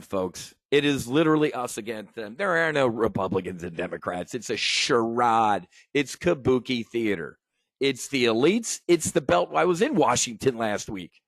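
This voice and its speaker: A middle-aged American man with a medium-pitched voice rants angrily and emotionally at viewers while teaching trading. He swears and keeps stumbling over restarts in this impassioned talk, captured as a dry, studio-quality recording.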